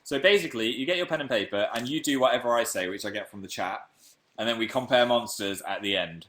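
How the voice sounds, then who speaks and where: A man's voice: mid-range voice, quick pace, fairly bright tone. A young man from England hosting a casual live stream, chatting playfully and reading out viewer comments.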